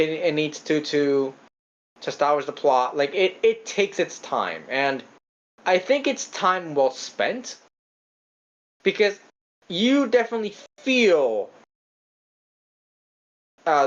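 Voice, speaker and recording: A man talking through a film on a casual podcast, circling his point with repeated false starts and the odd swear word. The sound is a bit dull and lo-fi, as if the high end has been trimmed off. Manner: rambling, stammering restarts, casual swearing. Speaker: podcast co-host. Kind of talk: casual film review chat.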